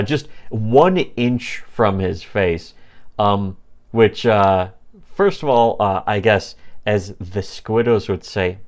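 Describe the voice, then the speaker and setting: A man's voice: on the low side, darkish tone. A man co-hosting a casual comedy podcast about webcomics, rambling with many fillers and briefly mimicking the characters he describes. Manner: rambling, many fillers, acts out comic characters in quick put-on voices. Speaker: podcast co-host.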